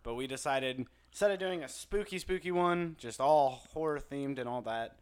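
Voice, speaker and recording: A man's voice: mid-range voice, moderate pace, smooth. A young man co-hosting a casual video game podcast, ranting animatedly with plenty of swearing and jokes. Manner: animated, profane, jokey rants. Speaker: podcast co-host. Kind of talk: casual chat.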